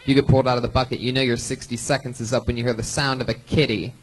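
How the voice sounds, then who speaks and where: A man hosting a live comedy show, energetic and hyping up the crowd. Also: medium pitch, racing, poor audio. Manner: energetic, hype announcer. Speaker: host.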